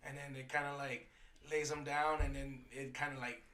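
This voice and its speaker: A man's voice: medium pitch, flat delivery, normal speed, pushed and bright, reverberant. A man co-hosting a podcast who jokes crudely in casual banter. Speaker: podcast co-host.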